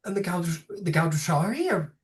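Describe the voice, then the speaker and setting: A game master voicing an older female elf druid who is bewildered and anxious, talking in halting, stammering restarts. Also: mid-range voice, big pitch swings, close to an everyday voice. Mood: worried. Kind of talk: tabletop role-play.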